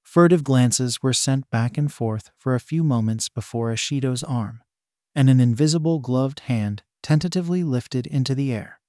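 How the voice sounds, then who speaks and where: A man narrates fan fiction in a steady, plain reading voice and keeps the swearing in. His pitch sits in an ordinary middle range. The sound is dry and close, with no room around it. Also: normal speed, no room sound. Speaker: story narrator.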